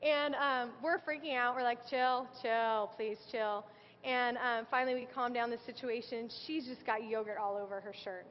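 High-voiced woman preaching in a reverberant hall. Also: fairly even intonation, normal speed, a little hiss or hum. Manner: earnest, conversational preaching with scripture quotes. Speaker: speaker sharing testimony. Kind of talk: sermon. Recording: dull sound with long hall reverb.

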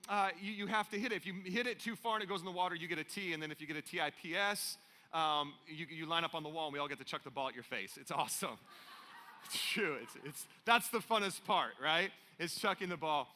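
A middle-aged male pastor preaches in a big church, his tone very bright and forceful. He sounds higher-pitched than most men and tells animated stories full of playful asides. The sound carries a long hall reverb. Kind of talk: sermon. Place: large church auditorium.

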